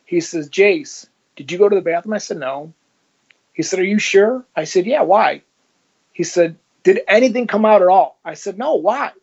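Appearing as an interview guest, a man vividly tells his own story, swearing and acting out every exchange. His voice sits high with vocal fry, a darkish tone, and a breathy edge at normal speed, and the recording sounds dull and lo-fi.

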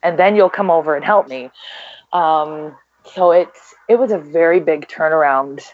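A woman's voice: low-pitched, normal speed, no echo, narrow, tinny audio. A woman talking as a guest, chatty and upbeat with lots of fillers. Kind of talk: casual chat.

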